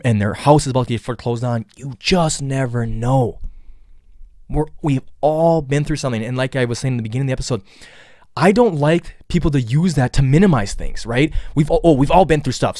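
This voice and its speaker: Guy doing a solo podcast, mid-pitched voice, rambly with lots of um and you know, dry close sound. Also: darkish tone, dry recording. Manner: rambling, repeats words, many fillers; acts out quoted dialogue in a raised voice. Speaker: podcast host. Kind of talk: casual solo podcast monologue.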